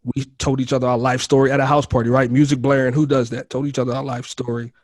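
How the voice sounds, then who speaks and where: A man's voice: mid-range voice, flat delivery, fast, no echo. A man with an everyday mid-range voice tells his story as a podcast guest, candid and slangy. He keeps calling the host bro and man, and the recording is close and dry with no room sound. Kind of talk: casual storytelling in an interview.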